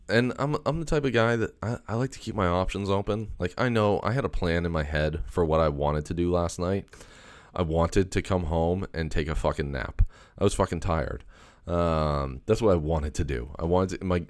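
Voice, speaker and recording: Very deep-voiced guy rambling casually. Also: a little mellow, clear, resonant tone, dry recording, clean studio sound. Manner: loose and swearing, many fillers and restarts. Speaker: podcast host.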